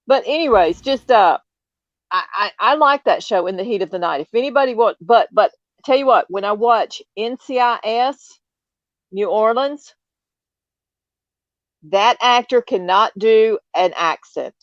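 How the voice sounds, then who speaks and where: A woman's voice: a little high, animated, a little slow, dry recording. A woman in her fifties with a light Southern US accent, chatting in an opinionated, emphatic way and repeating points for stress. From United States. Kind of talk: casual chat on a livestream. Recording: slightly dull lo-fi audio.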